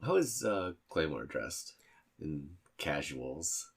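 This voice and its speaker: A man's voice: rumbling low, very animated, slow, creaky, breathy edge. A man casually narrating scenes in an actual-play tabletop game, hesitant with many fillers.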